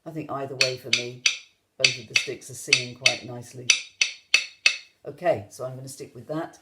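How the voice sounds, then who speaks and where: A woman's voice: rumbling low, steady tone, moderate pace. A woman music teacher giving an online rhythm lesson, explaining patiently step by step to viewers at home. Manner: gentle, patient step-by-step instruction.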